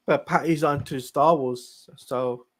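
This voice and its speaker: Sleepy guy, voice a bit on the high side, yawning thru a late night chat. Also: huge pitch swings, drawn-out words, breathy edge. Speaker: podcast co-host. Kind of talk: casual chat.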